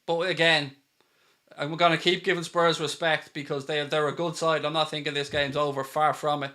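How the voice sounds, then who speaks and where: Bright, high-voiced excited male watchalong host. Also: normal speed. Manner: excitable, shouts at big moments, reads out super chats. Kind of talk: live match commentary and chat.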